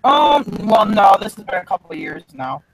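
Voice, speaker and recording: A man guesting on a casual chat, telling lively anecdotes, acting out quotes and swearing casually. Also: high-pitched, moderate pace, vocal fry, noisy background. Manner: animated storyteller, acts out quotes, swears casually. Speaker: guest reseller.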